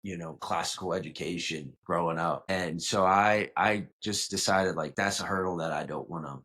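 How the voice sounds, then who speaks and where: A man's voice: low-pitched, normal speed, sharp tone, breathy edge. A young man from Louisiana with a faint South Louisiana accent, rambling casually as a podcast guest. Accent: light South Louisiana. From Louisiana, south of New Orleans. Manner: rambling, self-correcting, with many "like" and "you know". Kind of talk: casual storytelling interview.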